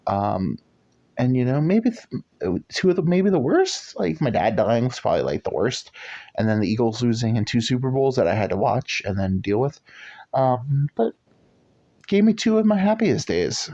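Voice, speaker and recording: A man hosts a casual show and rambles along in crude, profane talk. His pitch jumps up and down a lot as he goes. The recording sounds dull and lo-fi. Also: very animated, moderate pace. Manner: rambling, crude and profane, swings into loud put-on voices. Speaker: podcast host. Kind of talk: casual chat.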